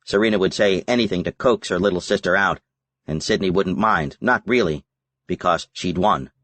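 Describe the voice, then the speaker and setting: A male narrator reads a novel in a measured, steady manner. His voice sits low. The sound is dry and close to the mic, with no room echo. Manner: measured, even reading. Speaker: audiobook narrator. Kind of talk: scripted narration.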